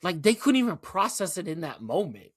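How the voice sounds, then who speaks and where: Forty-something male host, fairly high lively voice, profane and emphatic casual talk. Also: fairly quick, dry recording, studio quality. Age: 40s. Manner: animated, profane, emphatic with rhetorical "right?". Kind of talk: casual commentary monologue.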